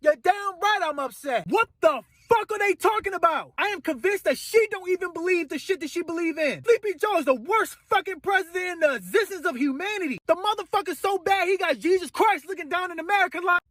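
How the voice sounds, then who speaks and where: A man with a notably high voice ranting in heated, cursing bursts, circling back to the same complaints and now and then shouting. The sound is dry and close, with no room echo. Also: animated, fast, hardly any pauses. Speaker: commentator ranting to camera. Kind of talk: angry profane political rant.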